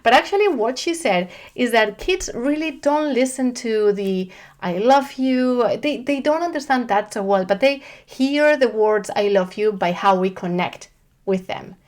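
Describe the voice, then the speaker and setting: Chatty woman parent coach, fairly high voice. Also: normal speed. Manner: chatty, animated, frequent restarts and "like". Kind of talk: casual talk to camera.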